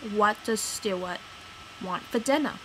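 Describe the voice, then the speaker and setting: A woman's voice: mid-range voice, slow, bright, forceful tone, a little hiss or hum, rough recording. A woman playing a touchy, rambling mother who is proud of her Italian heritage, with lots of fillers and defensive outbursts in a comic character monologue. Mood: indignant. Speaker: character vlogger.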